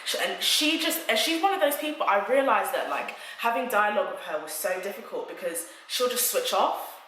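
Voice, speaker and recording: Young woman, storytime vlog, bright crisp tone, echoey room. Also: mid-range voice, a little fast, slight background noise. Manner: animated, chatty storytelling. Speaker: vlogger.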